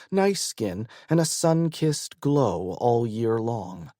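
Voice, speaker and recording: A man reads a first-person romance audiobook in a measured, intimate way, at a slow, unhurried pace. His voice sits at a middle pitch and is recorded close and dry, with no room sound. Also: warm tone, no echo. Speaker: audiobook narrator.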